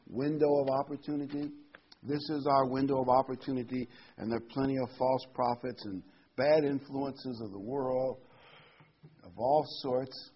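Husky-voiced man preaching a sermon. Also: medium pitch, lo-fi sound. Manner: earnest, emphatic, reads scripture aloud with rising stress.

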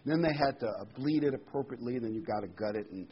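A man preaching a Bible study, reading verses slowly with heavy emphasis and then explaining them in a casual, conversational way. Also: mid-range voice, dull audio, slight background noise.

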